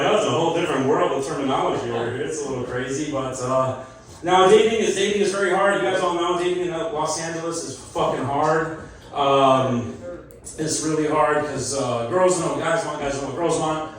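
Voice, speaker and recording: A middle-aged man with a voice on the high side does a loose, rambling stand-up set on a club stage, laughing at his own jokes. The mic picks him up from afar in an echoey club with a loud crowd.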